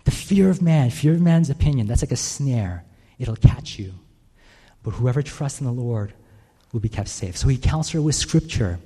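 A man's voice: mid-range voice, expressive, normal speed, mellow, breathy edge. A male pastor preaching a sermon in a conversational way, often checking in with the listeners with "right?". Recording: long reverb in a large hall.

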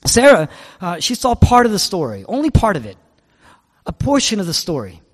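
A man's voice: high-pitched, wildly swooping pitch, moderate pace, in a large hall. A male pastor preaching a sermon, asking rhetorical questions and repeating his key phrases.

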